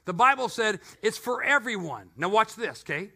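Middle-aged male pastor, high and bright voice, animated storytelling sermon with playful asides. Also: normal speed, vocal fry.

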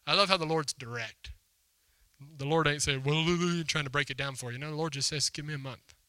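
Bright-voiced male pastor telling a story. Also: on the high side, fairly quick, clean tone, no room sound. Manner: storytelling with acted quotes, emphatic and conversational. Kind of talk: sermon. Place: church hall before a congregation.

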